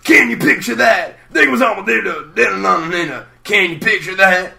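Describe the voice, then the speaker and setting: A man voicing Dr. Teeth, a hippie male puppet bandleader, talking loudly in a slow drawl. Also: sits high, creaky, recorded from a distance, pitched above the performer's own voice, heavily acted. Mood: hyped.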